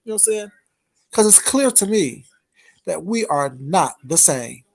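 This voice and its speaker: A woman hosting a livestream, ranting at her chat in a profane, confrontational way that swings between loud and quiet. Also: fairly low pitch, animated, unhurried, gravelly. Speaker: livestream host. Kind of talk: heated livestream rant to chat.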